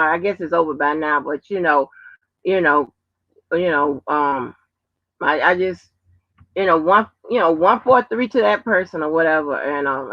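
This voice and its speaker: A woman's voice: on the low side, no room sound, dull audio. Profane laughing woman hosting a livestream. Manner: loose, profane, laughing and trailing off. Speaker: livestream host. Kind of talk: casual live-stream chat.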